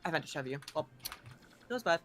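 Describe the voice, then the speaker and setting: A woman's voice: low-pitched, expressive, brisk, a bit bright, soft background music. A young woman co-playing on a game stream, chatting casually with dry, teasing quips.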